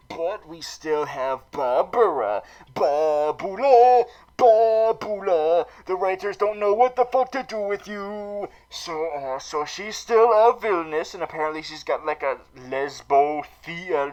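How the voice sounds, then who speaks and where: Rambling, profane man with a high voice. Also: poor audio. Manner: rambling, profane, many fillers and restarts. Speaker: comedy vlogger in villain persona. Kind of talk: comic rambling recap.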